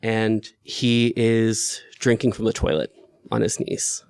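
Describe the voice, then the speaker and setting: A man's voice: fairly low pitch, slow pace, creaky, a little mellow, smooth, dry recording, studio quality. Earnest man telling a personal story. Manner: earnest and emotional, voice lifts sharply when upset.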